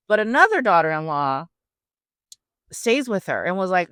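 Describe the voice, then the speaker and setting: A chatty woman host telling a story in a relaxed, faith-based way, full of slangy asides to her listeners. Her voice sits fairly low and smooth. It is recorded close and dry. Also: normal speed, long pauses, no echo. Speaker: podcast host.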